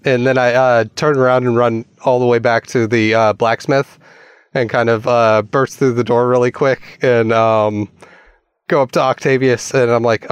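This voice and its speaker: A man's voice: mid-range voice, steady tone, normal speed, over music. A man playing a tabletop game, describing his character's actions in a laid-back, hesitant way. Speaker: player.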